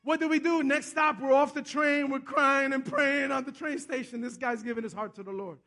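A man preaching a sermon as pastor, telling stories and asking "Amen?", swinging between hushed and loud. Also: extremely high pitch, fairly even intonation, moderate pace. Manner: storytelling, repeats himself, asks the congregation "Amen?".

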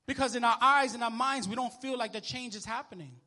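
A male minister preaches in an easy, conversational way, breaking into lively bursts as he works the room. His voice sits high and sounds bright and forceful. He keeps tossing questions back to his congregation. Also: fast talker, hardly any pauses. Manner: animated, conversational preaching with sports illustrations and call-and-response. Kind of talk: sermon. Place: church.

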